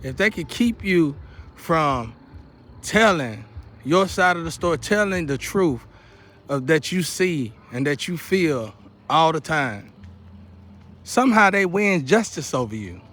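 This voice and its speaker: Man, high-pitched, talking straight to camera outdoors. Preachy, repetitive delivery that keeps building to an urgent outcry. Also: lively intonation, a little slow, a bit bright. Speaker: vlogger. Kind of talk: impassioned monologue to camera. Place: outdoors near a porch.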